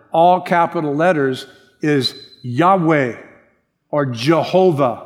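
Animated preaching man. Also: on the high side. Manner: animated preaching, acting out quotes. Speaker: pastor. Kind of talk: sermon.

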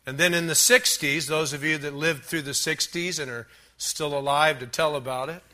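Pastor, male, emphatic sermon delivery, slightly high and forceful voice. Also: fairly even intonation. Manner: emphatic preaching, lists points, slows on key words; dry joking asides.

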